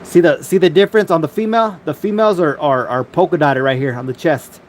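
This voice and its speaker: A man's voice: on the high side, quick pace, few pauses, a little hiss or hum. A man hosting a casual live stream, talking loosely with slang and cursing, filmed on his phone. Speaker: livestream host.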